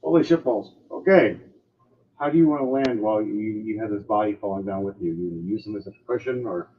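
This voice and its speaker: A man running a tabletop game as game master, narrating in an animated way and acting out sound effects. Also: lowish voice, brisk, phone-quality sound.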